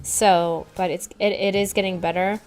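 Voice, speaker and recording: A woman co-hosting a casual podcast, her voice a bit hoarse, chatty and giggly. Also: medium pitch, steady tone, moderate pace, a little mellow. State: hoarse, recovering voice. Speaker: podcast co-host. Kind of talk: casual chat.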